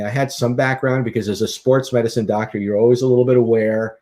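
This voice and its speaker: Middle-aged man telling animated stories. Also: medium pitch. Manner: animated anecdotal storyteller. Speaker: guest, author and speaker. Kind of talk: casual interview storytelling.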